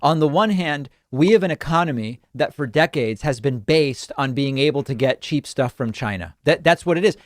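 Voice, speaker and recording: A man hosting a call-in talk show, giving reasoned, even-handed political commentary. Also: fairly high pitch, moderate pace, few pauses, dry recording, clean studio sound. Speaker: talk show host taking calls.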